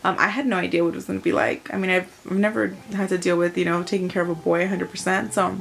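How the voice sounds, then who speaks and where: A woman's voice: on the low side, steady tone, quick pace, vocal fry. A young mother talks straight to her camera in a casual, chatty vlog. Her delivery is emotional and unpolished, full of fillers and restarts as she tells her own story. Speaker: mom vlogger.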